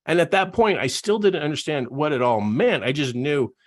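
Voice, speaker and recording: A man's voice: a little high, sing-song, moderate pace. A middle-aged man, a coach, giving an earnest, emotional personal testimony in a live online talk and laughing at himself.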